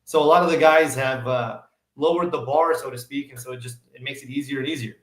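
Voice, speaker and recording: Animated man telling stories in an echoey room. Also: medium pitch, quick pace. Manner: animated storyteller, acts out dialogue. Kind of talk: casual podcast chat.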